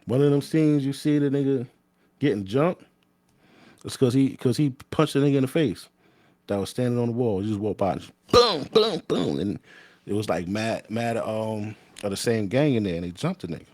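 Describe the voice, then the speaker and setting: A man's voice: medium pitch, animated, moderate pace, darkish tone, dry recording. A man, a former corrections officer telling a story in casual, blunt, profane talk that often restarts mid-sentence.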